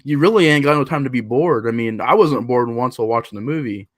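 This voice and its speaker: Dude recapping a bad horror movie, jumps into silly voices, dry close sound. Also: male voice, fast talker, no echo. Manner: animated, acts out scenes in jumpy higher voices. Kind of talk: casual movie review chat.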